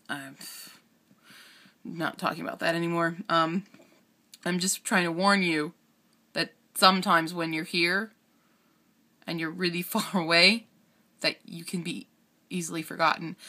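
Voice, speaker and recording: A woman in her twenties speaks to her camera at home, close to crying and stopping often to steady herself. Her voice is bright and forward, and her talk is broken by nervous laughs and sighs. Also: fairly low pitch. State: tearful, on the verge of crying. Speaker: vlogger. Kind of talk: personal vlog confession.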